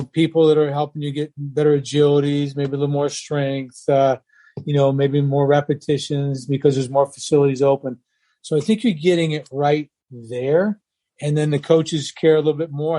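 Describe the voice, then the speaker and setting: Mellow-voiced older coach telling stories. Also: male voice, on the high side, dry recording. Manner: animated storyteller who acts out quoted voices. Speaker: guest, retired college baseball coach. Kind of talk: storytelling interview talk.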